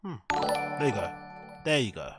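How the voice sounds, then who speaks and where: A man's voice: mid-range voice, very animated, a little slow, over loud music. A man hosting a livestream, rambling and swearing casually as he talks to his viewers. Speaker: streamer host.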